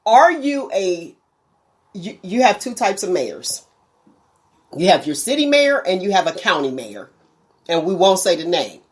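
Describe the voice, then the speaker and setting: A woman's voice: lowish voice, very animated, a little slow, long pauses. A woman hosting a talk show, asking questions in a playful, joking way. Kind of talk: casual chat.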